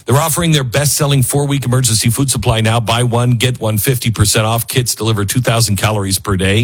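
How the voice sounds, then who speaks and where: A man's voice: medium pitch, steady tone, brisk, breathy edge. A man hosting a talk radio show, rambling and self-mocking as he reads ads and riffs on news stories. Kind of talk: talk radio monologue with host-read ads.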